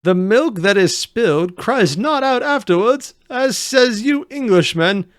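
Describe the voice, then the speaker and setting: A reactor putting on a slow, exaggerated, mock-solemn voice for a bumbling foreign male doctor with mangled English. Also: medium pitch, lively intonation, no echo, clean studio sound, pitched above the performer's own voice, close to an everyday voice. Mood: pompous.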